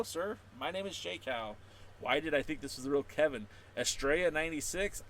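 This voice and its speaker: A man, a wrestling podcaster and blogger, hosts a playful livestream chat and reads out viewer comments, joking and breaking into sudden loud, excited bursts. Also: mid-range voice, a little hiss or hum.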